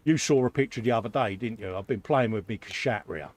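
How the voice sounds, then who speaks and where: A man's voice: fairly low pitch, a little fast. Chatty man co-hosting a stream. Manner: chatty, reads out viewer comments. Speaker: co-host of a live model-building stream. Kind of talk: casual chat.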